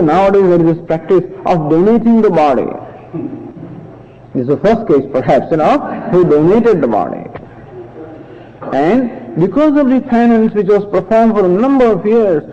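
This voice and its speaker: A man gives a patient, explanatory scripture lecture, circling back and restarting his sentences as he goes. His voice sits high but sounds soft and mellow. The recording is dull and lo-fi. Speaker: scripture teacher.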